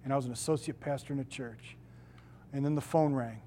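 A middle-aged man, a pastor, preaching a sermon with emphatic, drawn-out stresses on key words. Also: medium pitch, fairly even intonation, dark tone, a little hiss or hum.

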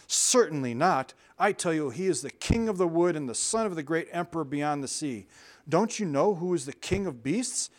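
A man's voice: fairly high pitch, close to an everyday voice. A man reading as a hearty old male beaver. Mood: proud, emphatic. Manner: slow, emphatic storybook read-aloud. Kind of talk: reading a storybook aloud.

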